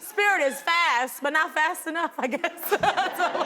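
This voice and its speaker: A woman telling her story as a talk show guest, excited and animated, acting out what people said, with many fillers. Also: very high voice, moderate pace, hardly any pauses, over a noisy crowd. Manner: excited, acts out quotes, fillers and laughs. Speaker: guest passenger.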